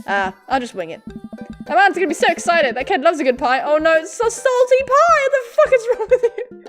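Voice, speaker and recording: A young woman with a slightly high voice plays through a dating game at home, reading the lines aloud as a gaming YouTuber. She keeps up a giggly, playful commentary broken by sudden loud squeals. Faint game music plays under her voice. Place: home room with a pet cat. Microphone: desk mic with face cam.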